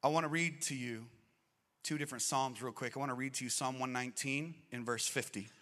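Impassioned preacher in an echoing hall. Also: male voice, medium pitch, fairly even intonation, brisk. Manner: dynamic preaching, swings from loud to hushed. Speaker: pastor. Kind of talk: sermon. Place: church auditorium. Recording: long reverb of a church hall.

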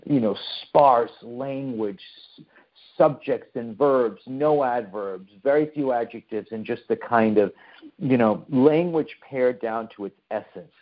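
A man's voice: medium pitch, a little slow, muffled recording. A man from the United States giving a conversational online talk to a remote audience, often posing questions to his listeners. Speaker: lecturer.

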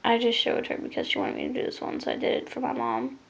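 A woman casually rambling through a makeup vlog. She often trails off into soft mutters. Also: extremely low pitch, huge pitch swings, fast, gravelly. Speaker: makeup vlogger. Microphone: phone. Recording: lo-fi phone recording.

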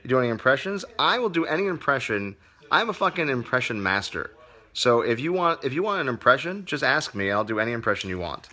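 A man's voice: medium pitch, sing-song, fast, sharp tone. A man who teaches comedy, hosting a casual livestream Q&A, reading viewer comments aloud in a loose, profane way.

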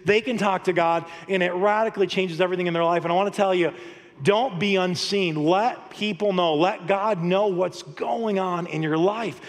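A male pastor with a high, light voice preaches an animated, story-driven sermon. He chuckles through his anecdotes and keeps the tone casual. The sound rings out in a large, reverberant sanctuary. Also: moderate pace. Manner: animated, storytelling, laughs often. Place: church sanctuary. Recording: long hall reverb.

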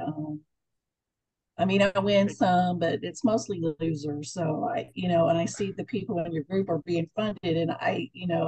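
A woman from Georgia with a Southern accent speaks in a lowish, husky voice. She introduces herself casually on a video call, chatty and self-deprecating. The sound is dry and close. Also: mellow, no echo, low-quality recording. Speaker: student in the class.

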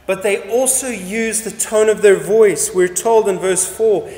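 A male pastor preaching a sermon, driving his points home with repetition and rhetorical questions. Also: sits high. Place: church sanctuary. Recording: echoey church hall reverb.

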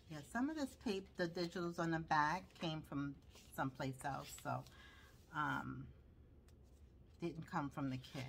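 A woman's voice: low voice, slow pace, gravelly, pauses often, a little hiss or hum. A woman with a Brooklyn accent showing her handmade journals, chatting casually and rambling with lots of fillers. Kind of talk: casual show-and-tell.

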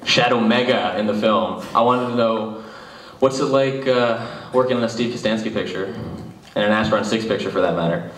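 A man's voice: lowish voice, a little fast, a bit bright. A man hosting a live film Q&A, asking long, rambling questions full of restarts. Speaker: festival Q&A moderator. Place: cinema hall after a screening. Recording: roomy, distant mic in a theater.

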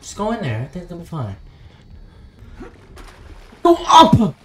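A young man commentating a horror game he is playing, swearing and swinging between hushed muttering and frantic outbursts. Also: fairly high pitch, very animated, quick pace. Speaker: gaming channel host.

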